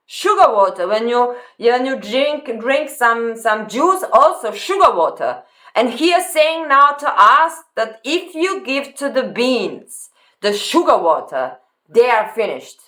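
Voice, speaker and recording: A woman hosting a reaction video, commenting on a clip in halting phrasing that repeats words as she goes. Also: a little high, sing-song, a bit bright.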